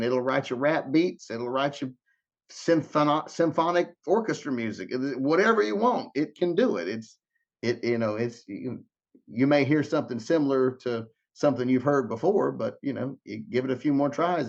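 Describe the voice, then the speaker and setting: A man's voice: mid-range voice, vocal fry, darkish tone. Rambling man with dull lo-fi audio. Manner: rambling, many restarts and fillers. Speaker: guest musician. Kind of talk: casual interview talk.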